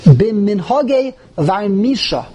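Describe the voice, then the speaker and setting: High-voiced man lecturing emphatically. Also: takes it slowly. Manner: emphatic, animated, reads texts aloud and explains them. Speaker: religious teacher. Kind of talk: lecture to a live group.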